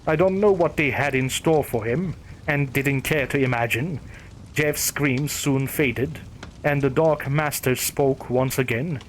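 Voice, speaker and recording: A man narrating a horror story in a steady, somber, scripted reading. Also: mid-range voice, measured pace, slight background noise.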